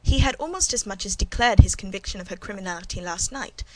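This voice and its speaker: A woman reading a classic novel aloud as a first-person narrator, in an even, measured audiobook style. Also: mid-range voice, no room sound, rough recording. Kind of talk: scripted narration.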